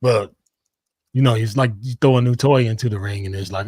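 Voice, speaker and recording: Male podcast host, mid pitch, dry close sound, radio-style break announcements. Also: brisk, darkish tone, dry recording. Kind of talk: hyped show hosting.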